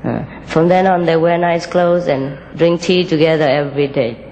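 A woman telling a moral fable and giving a spiritual talk, gently and with frequent small laughs, in loosely built English. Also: low voice, fairly even intonation, normal speed, in a large hall, slight background noise, poor audio. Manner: gentle, laughs often, unpolished English grammar.

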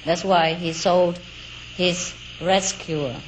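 A woman telling a folk tale aloud in a relaxed, unhurried way, with chatty asides, fillers and small laughs. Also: fairly low pitch, poor audio. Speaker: storyteller. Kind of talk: casual oral storytelling. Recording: faint outdoor cricket noise.

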